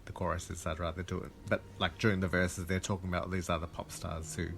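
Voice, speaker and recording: A man co-hosting a podcast, chatting casually and giving quick, relaxed replies. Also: low voice, gravelly, slight background noise. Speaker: podcast co-host. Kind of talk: casual chat.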